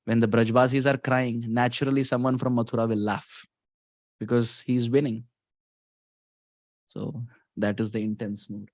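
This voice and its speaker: An Indian-accented man preaching a devotional story, animated and often laughing as he talks. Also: medium pitch, normal speed, long pauses, no room sound, clean studio sound.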